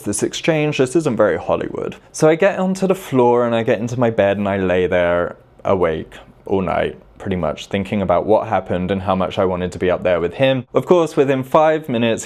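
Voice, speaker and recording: A man's voice: fairly low pitch, a little mellow. A man, telling a personal story to camera in a confessional way and repeating words for emphasis. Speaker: vlogger.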